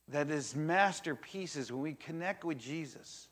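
An older man preaching a sermon to a congregation, telling a story with animated energy and acting out the voices in it. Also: on the high side, unhurried, few pauses. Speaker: pastor. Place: church in front of a congregation.

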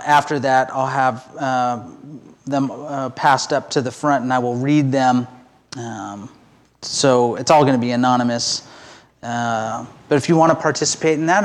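A man preaching to his church congregation in a relaxed, conversational way, with fillers and restarts, slowing into deliberate pauses. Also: on the high side. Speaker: pastor. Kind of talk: informal sermon to a congregation. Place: church sanctuary with rows of seats.

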